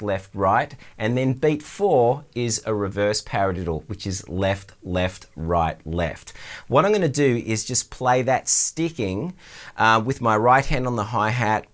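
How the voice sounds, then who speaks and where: Man, Australian accent, middle-aged, drum lesson, lowish voice, relaxed explaining. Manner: relaxed, explanatory, counts in before playing. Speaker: drum teacher. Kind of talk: instructional demonstration.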